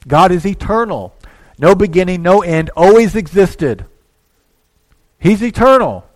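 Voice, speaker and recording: Man, pastor, sermon, conversational, acted-out asides, quiet to loud swings, a bit high-pitched. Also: animated, measured pace. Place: church.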